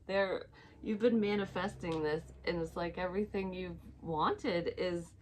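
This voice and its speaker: A woman's voice: on the low side, fairly even intonation, a little slow. A woman giving a casual tarot reading, chatty, swearing freely and laughing at herself. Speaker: psychic tarot reader.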